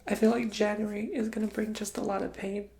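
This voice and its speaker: A man giving an ASMR tarot reading, often whispering, speaking softly and reassuringly straight to the listener. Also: sits high, little pitch movement, a little fast, vocal fry. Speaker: tarot reader.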